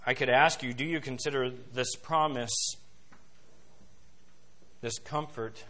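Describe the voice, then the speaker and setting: A male pastor preaches a sermon, swinging from soft, low asides to loud, rising emphasis. He quotes scripture and hymn lines in a slow, stressed cadence, his tone steady, with a little hiss or hum in the recording.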